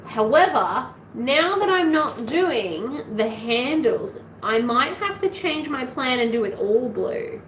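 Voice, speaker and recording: A woman's voice: high voice, big pitch swings, slow, hardly any pauses, noisy background. An Australian woman hosting a sewing livestream, chatting casually and rambling as she thinks aloud at home.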